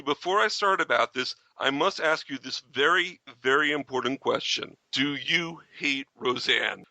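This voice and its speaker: A man's voice: medium pitch, bright, forceful tone, no echo, rough recording. A man hosting a radio interview show, joking with his guest. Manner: jokey, laughs while asking.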